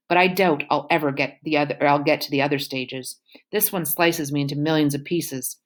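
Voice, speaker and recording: Low-voiced woman reading a novel. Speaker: audiobook reader. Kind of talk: first-person novel narration.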